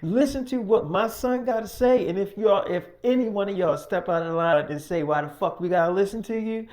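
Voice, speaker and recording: A man voicing a menacing armed gang boss father, loud and threatening with profane talk, in freestyle role-play storytelling. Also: high voice, fairly quick, natural voice.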